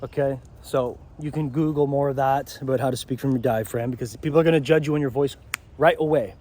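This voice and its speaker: A man's voice: medium pitch, steady tone, brisk, dark tone, slight background noise. A man giving a rambling vlog monologue outdoors by a pond, often checking in with "okay?". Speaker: self-help vlogger.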